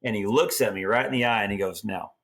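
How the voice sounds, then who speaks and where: A man's voice: lowish voice, quick pace. Folksy middle-aged guy from oregon telling ranch stories, easygoing. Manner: folksy, animated storyteller acting out quotes. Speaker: guest, team roper and trainer. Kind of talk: casual storytelling.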